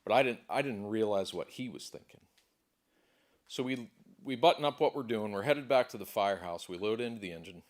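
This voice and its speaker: A man with a somewhat low voice delivers a motivational speech to a conference audience. He talks emphatically and repeats key lines to build intensity. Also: a little fast. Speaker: motivational speaker. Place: conference hall.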